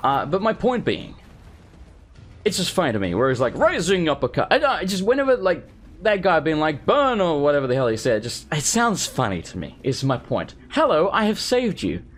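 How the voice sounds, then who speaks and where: A man's voice: fairly high pitch, big pitch swings, a little fast. A man with an English accent giving joking, rambling let's play commentary as a gaming video host. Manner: rambling, joking, self-deprecating.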